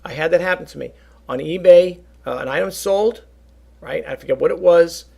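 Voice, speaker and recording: A man talking casually to his viewers about reselling, rambling and animated, often calling them folks. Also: fairly high pitch, normal speed, vocal fry. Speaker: reseller vlogger. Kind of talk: casual talk to camera.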